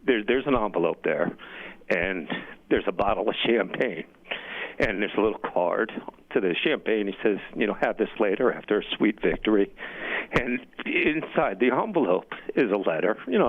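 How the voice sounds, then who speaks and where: Man, caller, middle-aged, from New Jersey, gravelly low voice, rambling and emotional, tinny phone line. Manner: rambling, emotional, repeats words. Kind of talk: phone call story.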